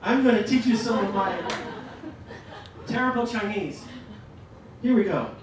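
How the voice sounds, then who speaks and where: A man leading a teaching workshop, lively and joking as he demonstrates to the audience. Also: high voice, measured pace. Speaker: workshop presenter. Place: lecture room. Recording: echoey hall from a distance, noisy.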